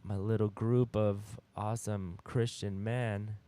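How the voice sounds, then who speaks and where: A man's voice: fairly low pitch, flat delivery, slow pace, dark tone. A man leading a casual youth-group Bible discussion, teaching conversationally and checking in with "all right?".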